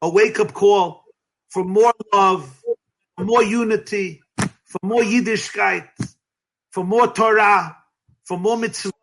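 A rabbi being interviewed, telling stories in a lively, emphatic way, sometimes breaking into shouts, with light laughs between phrases. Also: male voice, high voice, takes it slowly, long pauses, slight background noise. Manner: lively, emphatic, bursts into shouting and chanted cries. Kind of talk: animated storytelling in an interview.

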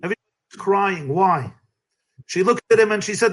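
A rabbi being interviewed, telling stories in a lively, emphatic way, sometimes breaking into shouts, with light laughs between phrases. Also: male voice, high-pitched, moderate pace, pauses often. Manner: lively, emphatic, bursts into shouting and chanted cries. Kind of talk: animated storytelling in an interview.

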